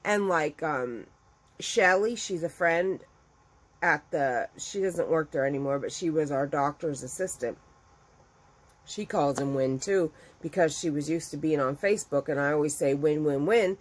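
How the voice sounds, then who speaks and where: A middle-aged woman with a slightly low-pitched voice chats casually with her viewers. She tells stories with lots of animation and acts out what other people said, jumping up sharply in pitch. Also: unhurried, poor audio. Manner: chatty and animated, acting out quotes with big jumps in pitch. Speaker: crochet business owner and video host.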